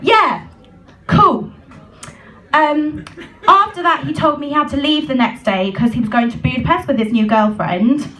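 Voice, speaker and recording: A young woman tells a stand-up story in a chatty, self-mocking way, peppered with fillers. Her voice sits high. She sounds a little distant from the microphone. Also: normal speed, a bit bright. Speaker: stand-up comedian.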